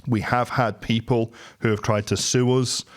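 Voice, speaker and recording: A middle-aged man tells a story from his business life in a loose, casual monologue. He is animated and switches into the voices of the people he quotes. His voice sits at an ordinary middle pitch. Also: moderate pace. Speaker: podcast host and entrepreneur.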